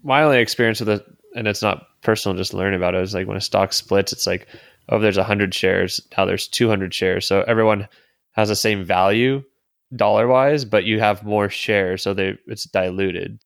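Gravelly low-voiced man, dry sound. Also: steady tone, no room sound. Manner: laughs easily, explains haltingly. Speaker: podcast co-host. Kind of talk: casual chat.

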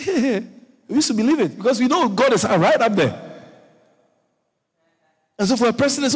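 A man preaching a sermon, telling the story with animated swings up to shouts. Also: high-pitched, moderate pace, creaky, long pauses, husky. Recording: long echo of a large hall.

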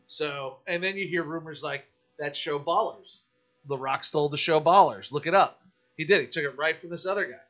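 A man guesting on a podcast, telling a story in a casual, animated, profane rant. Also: on the high side, moderate pace, highs cut off.

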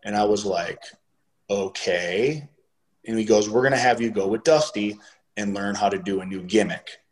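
A middle-aged man with a fairly low voice tells a long story in a casual, unpolished way. He swears freely and jumps up in pitch when he acts out other people's lines. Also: normal speed, rough recording. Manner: profane, animated when quoting others.

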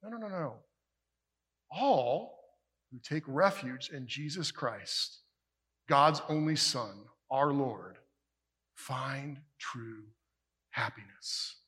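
A male pastor preaching a sermon emphatically, building to forceful peaks and dropping to hushed line endings. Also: mid-range voice, animated, slow pace, pauses often, slightly rough. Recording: long reverb of a large hall.

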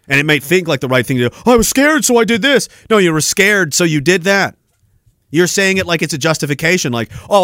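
A man's voice: a little high, fairly bright tone, no echo, studio quality. A man hosting a podcast, delivering a heated, profane rant full of emphatic repetition. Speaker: podcast host. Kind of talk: angry political rant.

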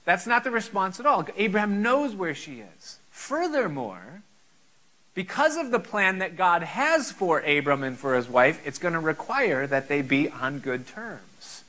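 A man's voice: high voice, big pitch swings, a little slow, sharp tone, low-quality recording. A man preaching a sermon, earnest and full of rhetorical questions.

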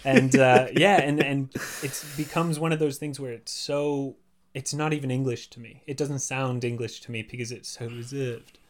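A Californian man with a General American accent, an actor and voiceover artist talking in a lively, casual way, full of "you know" fillers. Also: mid-range voice, moderate pace. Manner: animated, chatty, many "you know" fillers. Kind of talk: casual podcast chat.

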